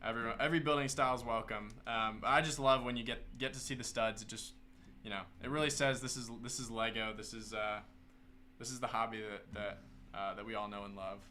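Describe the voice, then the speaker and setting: Bright, upbeat man hosting a stream. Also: mid-range voice, fairly even intonation, fairly quick, a little hiss or hum. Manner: upbeat, chatty, enthusiastic. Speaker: host of a live brick-building stream. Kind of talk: casual live-stream chat.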